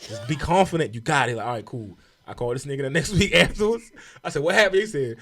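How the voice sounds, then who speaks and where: Young Baltimore comedian, Baltimore accent, rapid profane storyteller with a mid-range voice. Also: male voice, medium pitch. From Baltimore, USA. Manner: profane, animated storytelling with acted-out quotes. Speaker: comedian guest. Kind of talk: casual podcast storytelling.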